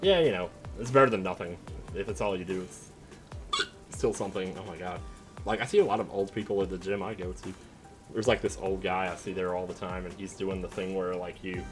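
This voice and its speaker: A young adult man streaming a story game, chatting casually and rambling between moments of play. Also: sits low. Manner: rambling, chatty, trails off with fillers like "like". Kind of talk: casual chat while gaming. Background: game music.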